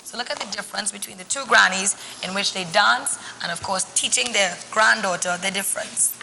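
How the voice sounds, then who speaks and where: A woman's voice: mid-range voice, a little fast, creaky, bright, forceful tone, in a large hall, a little hiss or hum, poor audio. A woman reading a picture book to children and asking them questions in a teacherly way. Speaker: children's storyteller.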